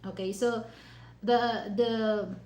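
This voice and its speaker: A woman's voice: on the high side, steady tone, very slow, a little mellow, reverberant, poor audio. A woman vlogger chatting casually over dinner, rambling and leaning on "you know" fillers with non-native phrasing.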